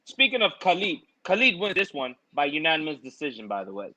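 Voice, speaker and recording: A man co-hosting a casual fight preview chat, playful and slowly sounding out names. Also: fairly high pitch, sing-song, bright, forceful tone, rough recording. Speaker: co-host.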